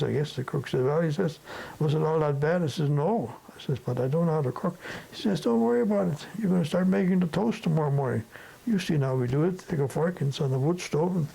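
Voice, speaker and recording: An older man from the Sudetenland recalls his past at an easy, rambling pace, dotting his tale with little tag questions. His voice is gravelly and mellow in tone. A faint hiss sits under the recording. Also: a little high, low-quality recording. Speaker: interviewee. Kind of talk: storytelling reminiscence.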